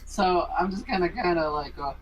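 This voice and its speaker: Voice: mid-range voice, normal speed, rough recording. A player in a tabletop game, playful and upbeat, asking about rules and describing their moves. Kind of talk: casual tabletop play.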